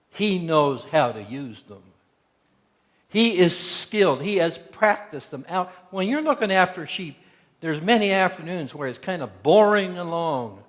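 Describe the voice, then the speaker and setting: Higher-voiced pastor in a reverberant church. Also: male voice. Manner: folksy storytelling with acted-out quotes. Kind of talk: sermon. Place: church sanctuary. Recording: long church hall reverb.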